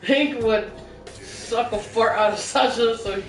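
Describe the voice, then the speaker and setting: A man's voice: very high voice, slow pace, recorded from a distance. A man from the US Midwest co-hosting a casual wrestling podcast, with joking, laughing banter. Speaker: podcast co-host. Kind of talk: casual chat. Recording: echoey room from afar, faint music.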